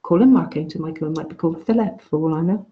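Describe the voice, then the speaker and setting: A woman with a deep voice talks fast while teaching an online course over a video call, in a casual lecture style. She's chatty and frank and often restarts her phrases, and the video call audio sounds dull and lo-fi.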